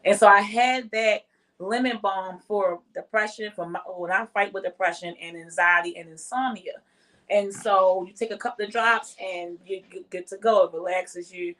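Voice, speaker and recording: Podcast guest: woman herbalist, mid-pitched voice, explanatory and somewhat hesitant. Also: fairly even intonation, normal speed, a bit bright. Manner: explanatory, hesitant with fillers and laughs. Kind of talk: casual chat, explaining remedies.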